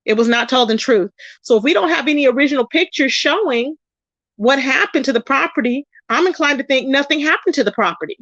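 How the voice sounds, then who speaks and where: A woman's voice: sits high, expressive, brisk, fairly bright tone, dry recording, muffled recording. A woman hosting a casual livestream, talking to viewers and reading their comments aloud. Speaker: livestream host.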